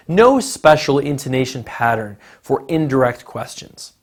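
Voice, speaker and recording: A man teaching an English lesson in a recorded narration, modeling intonation patterns in a slow, deliberate way. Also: medium pitch, big pitch swings.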